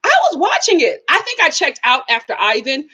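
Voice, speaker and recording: This is a woman with a very high, bright voice that swoops up and down as she reacts live to a show. She talks bluntly and exclaims often, going back and forth with her chat as a streamer. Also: very animated, a little fast, dull audio. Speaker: YouTube host.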